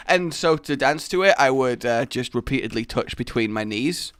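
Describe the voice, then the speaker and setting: A man's voice: fairly high pitch, fast talker, few pauses, clear, resonant tone, no room sound. A young man giving exasperated, rambling let's play commentary into a close mic. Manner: animated, exasperated rambling with outbursts. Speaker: gaming YouTuber.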